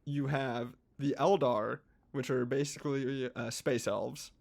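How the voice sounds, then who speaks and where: A man, a podcast co-host, excitedly explaining his favorite hobby in a casual, rambling chat with frequent restarts. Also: medium pitch, measured pace, vocal fry.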